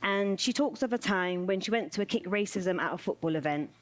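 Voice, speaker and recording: A woman delivering a spoken word performance in a measured, rhythmic way, returning to repeated refrains. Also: medium pitch. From United Kingdom.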